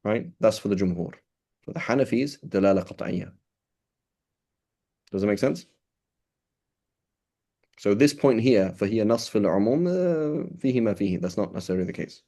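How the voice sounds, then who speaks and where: A man's voice: fairly low pitch, lively intonation, fast, long pauses, dark tone. A man teaching a class, explaining in a loose, conversational way, often restarting and checking with "right?", mixing in Arabic terms. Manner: switches between English and quoted Arabic terms. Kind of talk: classroom lecture.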